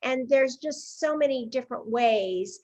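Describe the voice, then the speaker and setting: A woman's voice: sits high, unhurried, darkish tone. A woman in her sixties hosting a casual interview, candid and a little rambling. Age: 60s. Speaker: show host. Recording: somewhat dull, lo-fi sound.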